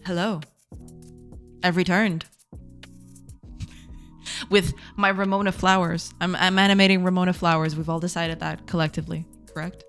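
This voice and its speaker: A woman's voice: lowish voice, flat delivery, normal speed, long pauses, a bit bright, faint music behind. A woman streaming game development live, chatting casually with viewers, giggling often and tripping over her words in a self-deprecating way. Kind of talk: casual livestream chat, reacting to chat.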